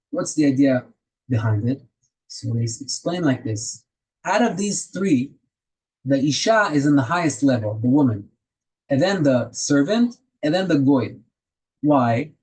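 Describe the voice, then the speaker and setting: A man's voice: fairly high pitch, darkish tone, husky, low-quality recording. A man teaching a Torah class, telling stories and asking rhetorical questions, with Hebrew terms woven into his English.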